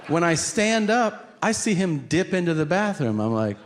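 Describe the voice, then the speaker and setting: A middle-aged man doing stand-up comedy, telling a story in an animated, profane way and acting out his own shouts, on a club stage mic. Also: on the high side, normal speed. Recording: live club recording with audience noise.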